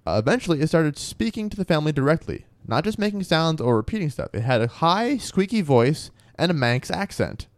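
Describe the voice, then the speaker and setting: A man's voice: a little high, sing-song, a little fast, hardly any pauses, no echo. A man co-hosting a podcast, telling a spooky true story in a casual, chatty way with frequent ums and laughs.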